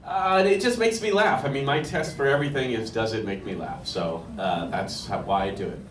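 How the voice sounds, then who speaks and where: A man's voice: medium pitch, a little fast, echoey room, distant mic, background noise. A man, a guest author and cartoonist, chatting on stage and reading his own comic strips aloud, chuckling at his puns. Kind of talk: casual onstage talk and strip reading. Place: bookstore event room.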